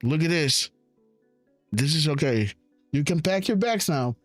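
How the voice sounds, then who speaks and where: A man hosting a live stream, reacting to a press clip with excited, mocking commentary and frequent laughter. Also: a little high, unhurried, soft background music. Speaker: host reacting to a news clip.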